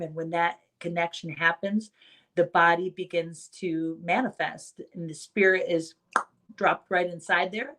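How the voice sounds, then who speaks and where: A woman's voice: on the low side, fairly bright tone. A woman chiropractor giving an earnest motivational talk to fellow chiropractors. She tells stories and repeats key phrases for emphasis.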